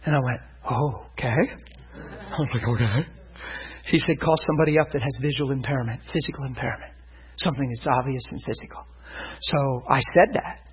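A man preaching a sermon in a church, telling a healing story in an animated way, his voice climbing high when he gets excited. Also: fairly quick, slightly rough.

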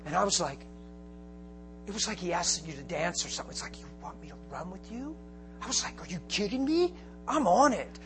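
A man preaching a storytelling sermon, animated and often laughing, breaking into shouts for emphasis. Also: high voice, a little fast, music in the background.

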